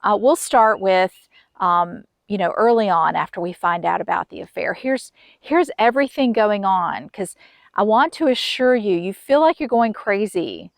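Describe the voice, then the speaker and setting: A middle-aged woman hosting a video on affair recovery, talking candidly and personally to the viewer with soft laughs. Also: mid-range voice, animated, moderate pace, gravelly, no echo, studio quality. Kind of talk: direct-to-camera personal talk.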